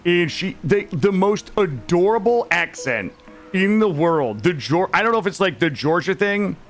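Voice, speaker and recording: Man, gaming streamer, casual chat, joking, swears, higher voice, faint music behind. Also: animated, moderate pace. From Vermont, USA. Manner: joking, chatty, swears freely, talks to chat. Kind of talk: casual live-stream chat while playing.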